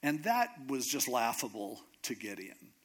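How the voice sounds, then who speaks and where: A man's voice: mid-range voice, very animated, a little slow. A man preaching in a casual, conversational way, retelling a story with dry humor. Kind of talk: sermon storytelling.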